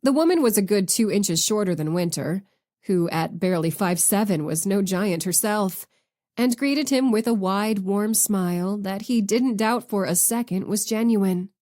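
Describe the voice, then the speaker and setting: A woman's voice: mid-range voice, normal speed, darkish tone. Woman narrating a romance audiobook. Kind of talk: scripted narration.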